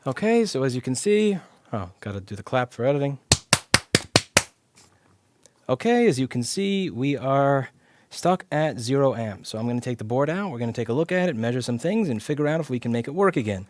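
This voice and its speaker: A repair instructor on a live stream breaks down a circuit step by step, sarcastic and blunt, with casual cursing throughout. He has a medium-pitched, slightly mellow voice, very animated and a little fast. The clip-on mic gives a dry recording.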